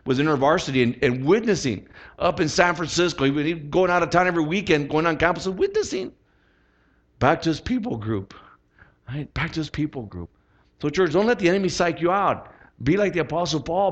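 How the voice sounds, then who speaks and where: A male pastor delivers a sermon in a fairly high voice. He tells a personal story and slips into animated, acted-out dialogue along the way. The sound is dull and lo-fi, as if taken from a church recording.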